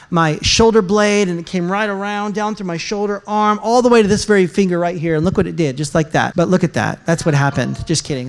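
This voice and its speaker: A middle-aged man, a pastor, giving announcements and a sermon in a church in a casual, joking way. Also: high voice. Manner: casual, chatty, self-mocking humor. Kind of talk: sermon with announcements and a personal story. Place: church sanctuary.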